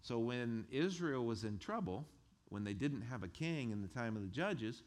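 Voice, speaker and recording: A male pastor who preaches a sermon in a conversational, animated way and chuckles between his points. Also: medium pitch, moderate pace.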